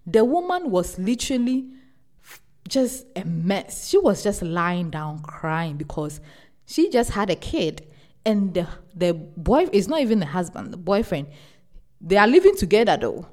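A young woman hosting a podcast, giving casual relationship advice in an animated, emphatic way and repeating words for stress. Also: mid-range voice, unhurried. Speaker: podcast host.

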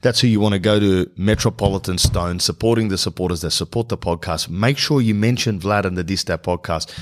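A man's voice: low-pitched, fairly quick, hardly any pauses. A man hosting a podcast, rambling in slangy comic monologue and reading an ad. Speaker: podcast host. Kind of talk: comedic podcast monologue and host-read ad.

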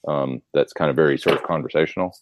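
A man's voice: very deep voice, steady tone, fast talker, slight background noise. A man chatting casually and at length, answering viewer questions about gear and hobbies. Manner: rambling, chatty. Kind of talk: casual chat.

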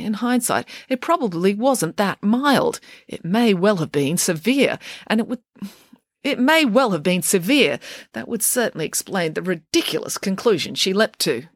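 Animated woman reading a children's story. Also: mid-range voice, no echo, studio quality.

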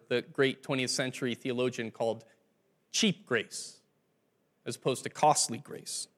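Man, pastor, sermon, conversational storytelling, slightly high pitch. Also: fairly bright tone.

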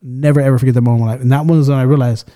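A man's voice: mid-range voice, fairly even intonation, racing, dark tone. A man hosting a podcast in casual chat, loose and swearing often as he tells stories and acts out the people in them. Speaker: podcast host.

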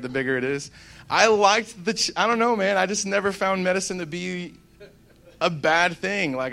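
A man's voice: fairly high pitch, a bit bright. A young man giving a casual devotional talk, rambling and conversational with plenty of fillers. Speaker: Christian speaker.

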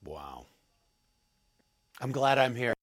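A man answering interview questions as an actor guest, halting and thoughtful with many pauses. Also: mid-range voice, very animated, fairly bright tone, no echo, studio quality.

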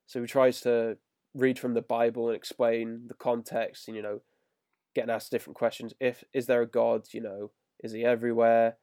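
Casting note: male co-host, mellow tone, dry close mic, exasperated review chatter. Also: medium pitch, flat delivery, moderate pace, no echo. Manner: grumbling, exasperated critique. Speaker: podcast co-host. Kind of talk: casual episode review chat.

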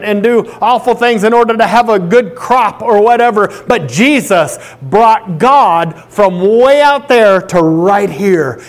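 A man preaches with a fairly high voice, his sermon rising into loud, declaring lines before falling to quiet, tender passages. He repeats and restarts phrases in a fervent pulpit cadence. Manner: swings from loud proclaiming to soft, hushed pleading. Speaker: pastor.

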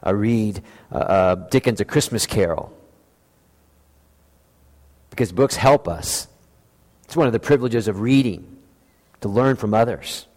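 A man preaching a sermon as pastor, earnest and reflective, with slow emphatic phrasing. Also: on the low side, a little mellow. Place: church sanctuary. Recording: long hall reverb.

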